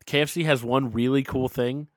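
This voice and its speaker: A young man co-hosting a casual online chat, opinionated and joking, thinking out loud. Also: medium pitch, fairly even intonation, moderate pace, no echo. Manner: opinionated, joking, muses aloud. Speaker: podcast co-host.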